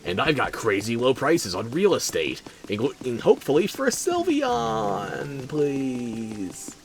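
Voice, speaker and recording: A man's voice: mid-range voice, huge pitch swings, unhurried, gravelly, faint music behind. A tired man streaming a video game, talking in a sardonic, theatrical way. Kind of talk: game commentary.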